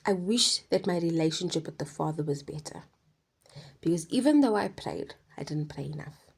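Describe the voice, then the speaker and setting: A woman giving a passionate personal faith testimony, dropping to hushed whispers and then pressing hard on her points. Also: low voice, lively intonation, normal speed, creaky, husky. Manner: passionate, emphatic, swings between hushed whispers and forceful stresses. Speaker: Christian speaker sharing a testimony.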